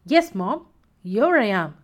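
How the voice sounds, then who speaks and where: A woman's voice: mid-range voice, very animated, takes it slowly. A woman voicing a proud young lion. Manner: self-assured, stubborn.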